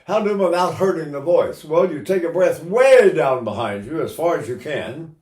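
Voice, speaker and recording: An older man gives a singing lesson in a roomy, echoing space, his speaking voice sitting a touch high. He explains technique in an easy, unhurried way, then breaks into loud operatic bursts. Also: expressive. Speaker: voice teacher.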